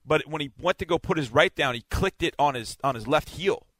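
Man retelling a game, animated and dry. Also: a little high, fairly quick, no room sound. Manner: animated, vivid play-by-play retelling. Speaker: sideline reporter. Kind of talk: casual storytelling on a sports podcast.

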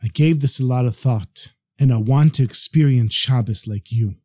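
A storyteller putting on a shrewd, well-off cattle dealer, brisk and businesslike, pressing his bargain. The tone stays mellow and the sound is close and dry, as in a told story. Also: medium pitch, breathy edge, no echo, lightly acted. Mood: insistent. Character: shrewd wealthy male cattle dealer, insistent.

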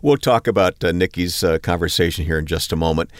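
A man's voice: deep voice, fast, no echo, clean studio sound. A man co-hosting a podcast, upbeat and bantering with his fellow host. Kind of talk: casual show chat.

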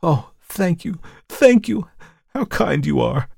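A man's voice: expressive, moderate pace, darkish tone, dry recording, clean studio sound. A man voicing a distressed, hypnotized noblewoman who pleads and trembles in an audiobook reading. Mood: grateful. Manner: trembling, pleading, rising to high cries.

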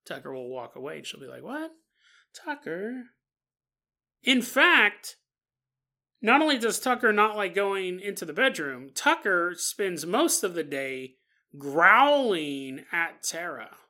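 Bright-voiced woman telling a story. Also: fairly low pitch, sing-song, a little slow. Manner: chatty and joking, with asides. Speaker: podcast co-host. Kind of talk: casual storytelling.

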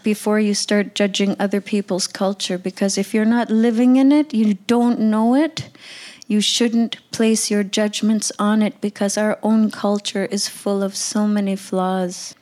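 A woman's voice: mid-range voice, steady tone, a little slow, dark tone. A young woman from the Canadian Arctic giving an impassioned personal talk, blunt and freely profane. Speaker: speaker sharing her views.

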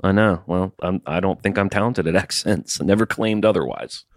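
A man's voice: low-pitched, a little fast, no echo. A man co-hosting a comedy podcast, talking in a dry, earnest, casual way. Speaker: podcast co-host.

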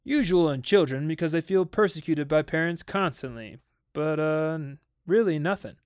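A man voicing a calm, wry psychologist in a dramatic audiobook reading. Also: fairly high pitch, normal speed, clean tone, no echo, studio quality, lightly acted. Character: calm, dry adult male psychologist.

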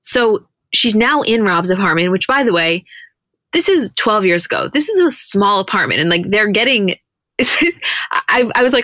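A woman co-hosting a podcast, recapping a show in casual chat and quoting people in quick animated bursts. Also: mid-range voice, no room sound, studio quality. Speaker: podcast co-host.

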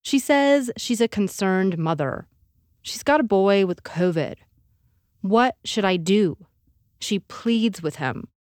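A woman hosting a podcast, giving measured, dramatic scripted narration. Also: mid-range voice, expressive, a little mellow, no echo, studio quality. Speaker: podcast host.

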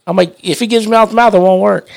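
Brief: man, somewhat high, gravelly voice, laid-back slangy storyteller. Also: fairly even intonation, fast talker, a little mellow. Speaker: podcast guest. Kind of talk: casual chat.

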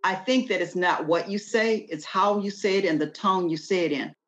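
A woman's voice: on the low side, normal speed. A woman guest talking emphatically in a casual conversation, shifting into a preacher-like delivery and telling stories with energy. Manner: lively, animated storytelling.

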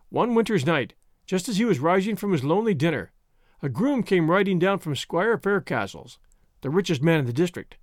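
A man narrating an old-fashioned story in a scripted, expressive, unhurried way. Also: on the high side, no echo, clean studio sound.

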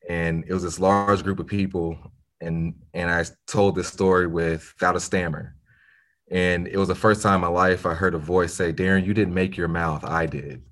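A man's voice: low-pitched, fairly bright tone. A man, telling his story as a guest in a podcast interview, earnest and reflective with occasional restarts. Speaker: nonprofit founder, podcast guest.

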